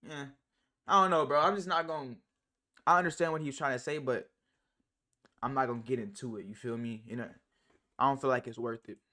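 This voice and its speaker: A man streaming live and reacting to clips in casual chat, slangy and profane, rambling with many fillers and big jumps in pitch and loudness. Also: fairly even intonation, a little fast, long pauses.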